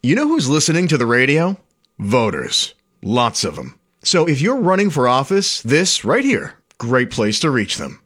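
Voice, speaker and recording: A man's voice: on the high side, fairly bright tone. A man reading a scripted radio ad in an upbeat, persuasive way. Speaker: ad announcer.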